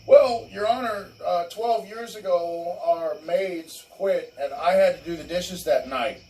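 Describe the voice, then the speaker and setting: A man voicing a whiny, indignant woman pleading her case, in a high, shrill, dramatic tone. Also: a little slow, a little mellow, reverberant, distant mic, poor audio.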